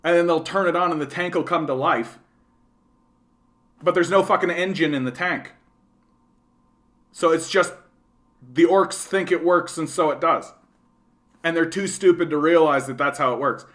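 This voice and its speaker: A man's voice: a little high, normal speed, long pauses, a bit bright. A man with a Canadian accent hosting a casual livestream, rambling and swearing, and often tagging his sentences with "right?". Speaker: livestream host.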